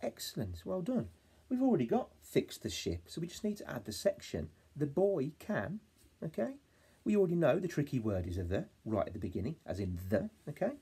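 A man with an English accent teaching a phonics lesson to young children, encouraging them and sounding out words slowly. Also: on the high side, wildly swooping pitch, dark tone, slightly rough. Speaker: reception class teacher.

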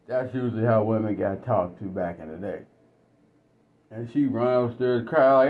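A man's voice: fairly low pitch, moderate pace. A man giving a blunt, casual storytelling monologue. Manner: blunt, conversational. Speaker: commentator. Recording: dull lo-fi recording.

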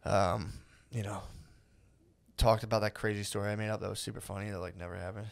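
A man's voice: fairly low pitch, level tone, quick pace, gravelly. A man in his thirties co-hosting a casual podcast, talking loosely, laughing and acting out quotes. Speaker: podcast co-host. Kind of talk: casual chat.

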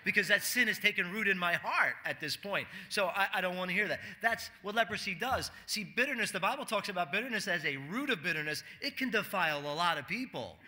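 A man with a notably high, very bright and forceful voice delivers a sermon in a church. He talks to the congregation casually, tosses questions out to the room, and slips into quoted voices to make his points. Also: lively intonation, a little fast, hardly any pauses. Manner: conversational preaching, asks the congregation questions, acts out quotes. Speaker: pastor.

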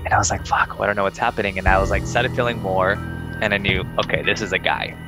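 A young man casually telling a ghost story to friends, animated and acting out the voices he quotes. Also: fast, over music. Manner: animated, acts out quoted voices in higher pitch.

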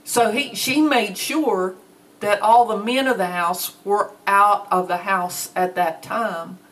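A woman's voice: mid-range voice, steady tone, fairly bright tone, recorded from a distance, low-quality recording. A woman teaching a Bible lesson in a plainspoken, conversational way. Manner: slow, plainspoken, conversational with fillers.

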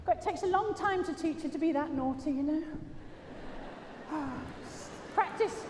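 A high-pitched British woman talks through a live dog-training demonstration, joking with the crowd and cooing praise at the dogs. Her voice booms through a loudspeaker in a big arena, with a long echo trailing behind it and a faint hum of the hall underneath. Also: unhurried. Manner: jokey and chatty, praising dogs between explanations. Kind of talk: live commentary over a loudspeaker. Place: large indoor arena. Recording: echoey arena PA from far off.

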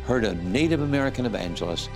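A man's voice: medium pitch, animated, quick pace. A man in his eighties, a guest earnestly telling his life story and acting out the voices he quotes. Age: 80s. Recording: music playing under the voice. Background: soft music.

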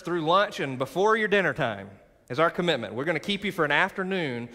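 A bright, forceful man preaches from the front of a sanctuary, his voice carrying on a long hall reverb. He pushes his points with rising emphasis and calls on the congregation to respond. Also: sits high. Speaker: pastor. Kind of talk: sermon. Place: large church sanctuary.

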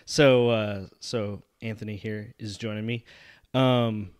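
A man's voice: fairly low pitch, steady tone, slow pace. A man hosting a podcast in a casual, rambling and jokey way. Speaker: podcast host.

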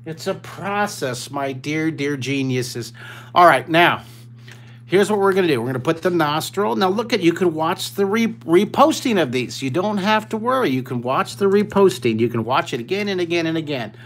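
An older man with a slightly high voice leads a live drawing lesson for kids, streamed from his webcam. He is enthusiastic and playful, talking straight to the children as he draws. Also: animated, fairly quick. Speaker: drawing teacher.

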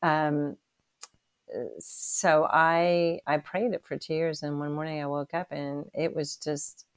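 Woman, 60s, low-pitched, gravelly, earnest testimony, emotional, halting restarts. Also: flat delivery. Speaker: interview guest. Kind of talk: personal testimony in an interview.

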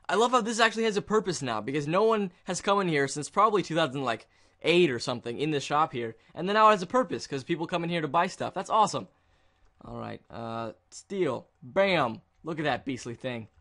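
A man with a somewhat high voice chatting through his gameplay, excitable and jokey. He bursts into mock-dramatic cheers and groans as he goes. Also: a little fast. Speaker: gaming video creator. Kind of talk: casual gameplay commentary.

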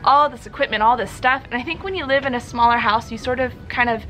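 A woman's voice: a little high, quick pace, bright, forceful tone, a little hiss or hum. A young woman vlogging in a casual, chatty way, laughing often and a little out of breath. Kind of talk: casual chat to camera.

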